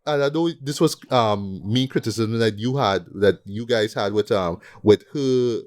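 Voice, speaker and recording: A man hosting a casual movie review chat, animated and repeating himself with tag questions. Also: fairly low pitch, a little slow. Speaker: podcast host.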